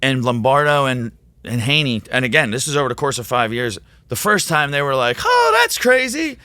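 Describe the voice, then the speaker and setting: A man who teaches, telling a rambling, excitable story as a podcast guest. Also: medium pitch, a little fast, clear, resonant tone, no echo. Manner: rambling, excitable, quotes himself in animated voices. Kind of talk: casual storytelling in a podcast interview.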